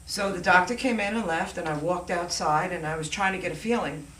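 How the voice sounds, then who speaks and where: A woman's voice: on the low side, brisk, a bit bright. Hesitant middle-aged woman telling a story. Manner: hesitant, searching for words. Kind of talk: casual storytelling on a talk show. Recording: echoey room, far from the mic, faint noise.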